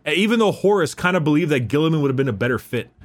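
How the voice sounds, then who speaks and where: A man's voice: fairly high pitch, very animated, racing. A man hosting a casual podcast chat, rambling through lore explanations with fillers, restarts and casual swearing.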